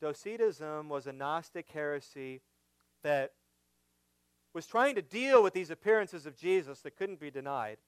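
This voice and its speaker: A man preaching an expository sermon, building to emphatic, louder points as he drives home his argument. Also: fairly high pitch, expressive, clear, resonant tone, dry recording. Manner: slow, emphatic preaching that rises when stressing a point. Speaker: pastor.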